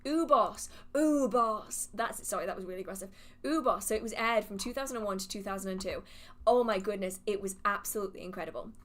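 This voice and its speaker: A woman hosting a live witchcraft Q&A, chatty and animated, laughing often as she reads questions from the chat. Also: mid-range voice, rapid-fire. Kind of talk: casual livestream Q&A, reading chat questions aloud.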